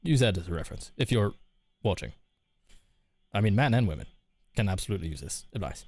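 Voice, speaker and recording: A man's voice: on the low side, big pitch swings, a little fast, a little mellow, dry recording. A man streaming live, chatting casually and candidly with his viewers while reading their messages, laughing often. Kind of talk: casual chat.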